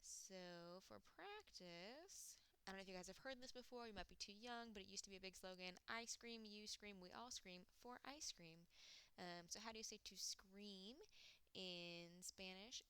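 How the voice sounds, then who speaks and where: A woman walks through a recorded lesson in a bright, crisp voice. Her tone is very clear and smooth. She explains patiently, step by step, with plenty of "um"s, and slows down to say foreign words carefully. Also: medium pitch. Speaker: Spanish teacher.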